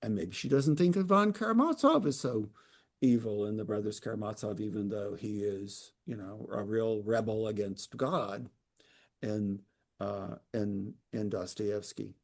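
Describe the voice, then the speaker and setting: A man's voice: lowish voice, a little slow, creaky. A man leading a book club talk on a video call, hesitant with many fillers and restarts, with a wry humor. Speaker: book club discussion leader. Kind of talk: informal literary talk.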